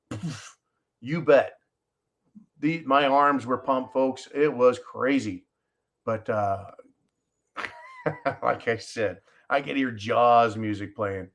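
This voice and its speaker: Man, live-stream host, passionate, swears a lot, emphatic, mid-pitched voice. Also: slow, pauses often. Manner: addresses viewers as folks. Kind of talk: live-stream talk to viewers.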